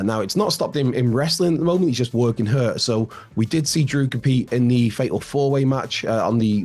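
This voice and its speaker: A man hosts wrestling news in a casual, chatty style, with frequent fillers and restarts. His mid-range voice is slightly raspy and darkish in tone.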